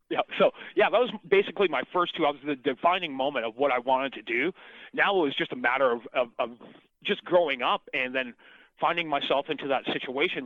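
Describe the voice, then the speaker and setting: A middle-aged man, a singer, talks through his past in a loose, rambling interview, cursing casually and restarting his sentences. His voice sits at an ordinary pitch for a man. The sound is thin and boxy like a phone call, with no room echo at all. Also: expressive, a little fast. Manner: rambling, profane, restarts often. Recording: tinny phone-line sound, dry.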